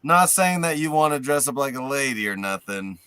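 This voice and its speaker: A man's voice: medium pitch, animated, normal speed, bright, forceful tone, clean tone, no room sound. A laid-back man in casual chat with friends, peppering his talk with "bro" and "man".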